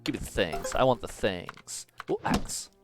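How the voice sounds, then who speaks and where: Lively, playful man streaming a game. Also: fairly low pitch, a little slow, over music. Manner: playful, swears freely, muses aloud while playing. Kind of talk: casual gameplay commentary.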